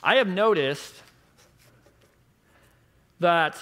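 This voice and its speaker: A man in his thirties preaching a conference sermon with rhetorical questions, moving between hushed and emphatic delivery. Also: high voice, expressive, very slow.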